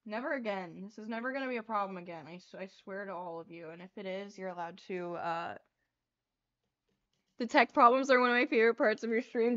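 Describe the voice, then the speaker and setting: A woman's voice: medium pitch, a little fast, a bit bright. A young woman hosting a casual livestream, flustered and laughing as she swears through tech trouble. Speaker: livestream host. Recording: lo-fi stream audio.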